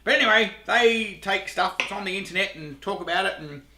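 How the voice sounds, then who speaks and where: A man's voice: high-pitched, a little fast, sharp tone, echoey room. A middle-aged Australian man hosting a home cooking show, chatting casually to camera, rambling, laughing at himself and swearing lightly.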